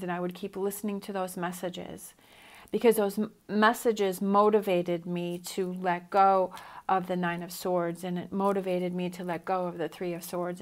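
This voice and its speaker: A middle-aged woman giving a motivational tarot reading, earnest and encouraging, repeating her reassurances. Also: mid-range voice. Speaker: tarot reader.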